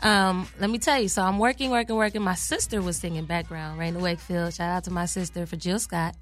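A woman, a singer and songwriter, telling her story in a lively, casual interview and acting out the voices of the people she quotes. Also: fairly quick. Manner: acts out quoted voices, pitch jumping high; lively, laughing, talks to listeners as y'all. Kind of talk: animated storytelling in casual chat.

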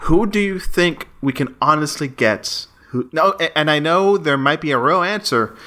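Bright-voiced, rambling male podcaster. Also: fairly high pitch, lively intonation, moderate pace. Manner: rambling with many restarts, playful. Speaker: podcast co-host. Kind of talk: casual chat.

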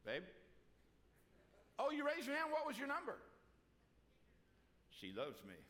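A man's voice: extremely high pitch, huge pitch swings, unhurried, a bit bright, long reverb tail, a little hiss or hum. A man preaching a sermon as pastor, folksy and joking, calling out to people in the room. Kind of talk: sermon with a joke. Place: church sanctuary.

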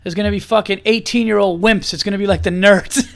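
Guy with a high voice going off on an angry rant, swearing a lot, repeats himself. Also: brisk, vocal fry, fairly bright tone. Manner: profane, heated and emphatic, repeats himself. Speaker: podcast host.

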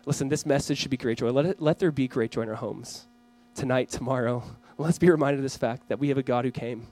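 A man's voice: medium pitch, fast talker, darkish tone. A man preaching a sermon as pastor, talking in a conversational way that swells into fervent emphasis.

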